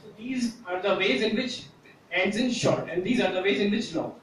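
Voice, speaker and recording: High-voiced man presenting in an echoey room. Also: moderate pace, fairly bright tone. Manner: hesitant, frequent "uh" fillers, explanatory. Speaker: student presenter. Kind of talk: classroom presentation. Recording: echoey room from a distance with faint noise.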